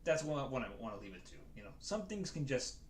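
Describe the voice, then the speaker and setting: A man's voice: medium pitch, big pitch swings, fast, a little hiss or hum. A man chatting casually to his stream viewers as a dungeon master, rambling and hesitant with many restarts.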